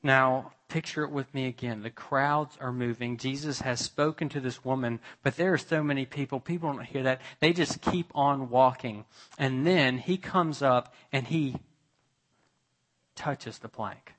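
A man preaching a sermon to his church, slow and deliberate, building to emphatic, raised passages and dropping to quiet ones. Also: mid-range voice. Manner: slow, with long pauses, rising to emphatic peaks. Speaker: pastor.

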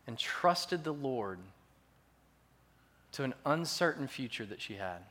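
A man preaching a sermon as pastor, earnest and measured, building to emphatic swells. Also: mid-range voice, sing-song, bright, forceful tone. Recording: long reverb of a large hall.

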